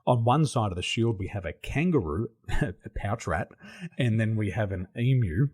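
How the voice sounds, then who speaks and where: An Australian man with a lowish voice and a moderate pace is a guest on a podcast, chatting in a casual interview from his home in Taiwan. He's an animated storyteller who laughs often as he tells his stories.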